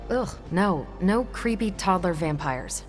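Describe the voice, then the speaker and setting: A woman's voice: on the low side, lively intonation, slow. An actress playing a dry, wry, matter-of-fact woman tracking vampires in a video game. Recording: game audio with faint music.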